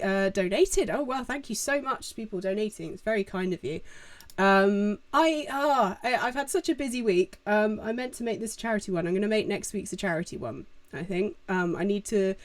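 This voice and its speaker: A young woman hosting a casual live-stream Q&A from a room at home, chatting with viewers and using many fillers. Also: medium pitch.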